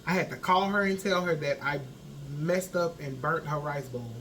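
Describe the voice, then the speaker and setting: Animated high-voiced young man telling a story. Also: moderate pace, a little hiss or hum. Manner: animated and expressive, acts out sounds and his own panic. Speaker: vlogger. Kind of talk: storytelling vlog.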